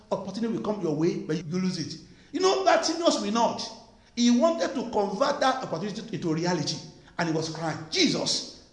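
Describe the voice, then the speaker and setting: A male preacher delivers an emphatic sermon in a high voice. His pitch swings widely as he repeats his points and fires rhetorical questions. The sound rings in an echoey room.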